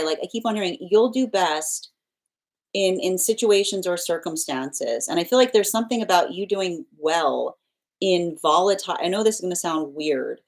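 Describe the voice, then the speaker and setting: A woman giving a live tarot reading, rambling and circling back with repeated phrases and restarts. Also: lowish voice. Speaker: tarot reader.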